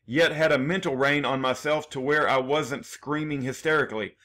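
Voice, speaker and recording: A man's voice: mid-range voice, moderate pace, fairly bright tone. A man reading his own prepared statement in numbered points, earnest and aggrieved, with small restarts. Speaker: defendant telling his case.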